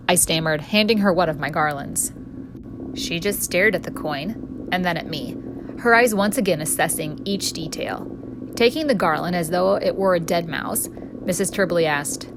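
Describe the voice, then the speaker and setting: A woman author narrating her own story in first person, expressive and storytelling in tone. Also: on the low side, moderate pace, noisy background. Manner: expressive storyteller, voicing a cheeky street boy.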